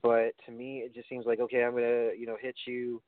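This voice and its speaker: Speaking fairly quickly in a completely flat, medium-pitched voice, a man co-hosts a casual wrestling podcast. His takes are blunt and laced with swearing, full of restarts, and the phone-like recording is dry with no echo.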